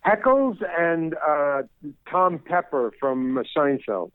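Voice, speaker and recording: A man's voice: fairly high pitch, big pitch swings, slow pace. Older male guest, casual rambling talk, tinny phone line. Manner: rambling, many restarts and repeated words. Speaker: guest actor. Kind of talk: casual interview chat.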